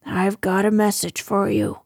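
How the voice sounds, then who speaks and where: A woman voicing a simple, cheerful, honey-loving bear who sounds gently puzzled. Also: medium pitch, a little slow, creaky, no room sound, studio quality. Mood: earnest.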